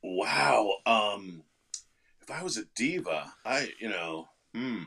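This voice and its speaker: A man's voice: on the low side, lively intonation, takes it slowly, vocal fry, sharp tone, husky. A middle-aged man, an actor and guest, telling self-deprecating stories with many fillers in a casual interview.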